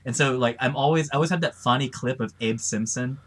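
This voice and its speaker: Male host, chatty and laughing, mid-pitched voice. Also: quick pace, fairly bright tone. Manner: laughs often, rambling anecdotes. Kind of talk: casual chat.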